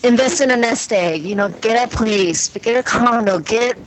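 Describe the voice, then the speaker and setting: A woman's voice: on the high side, moderate pace, slight background noise, poor audio. A woman on a talk panel giving earnest advice. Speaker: panel guest.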